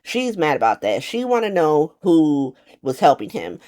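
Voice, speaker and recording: Woman, low-pitched, swooping animated delivery, casual slangy vlog recap, playful character voices. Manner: animated, chatty, slangy and profane, laughs often; does quick playful voices for quoted characters. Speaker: soap opera recap vlogger. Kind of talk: casual talk-to-camera recap.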